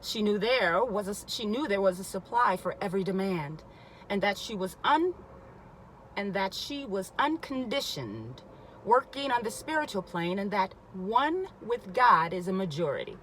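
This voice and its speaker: A woman reads a spiritual book aloud at a mid pitch, weighting key lines. She breaks off now and then to repeat a passage or comment on it, with a faint hiss behind her. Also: very animated, moderate pace, a bit bright, rough recording. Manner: emphatic, stops to repeat and comment. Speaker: reader.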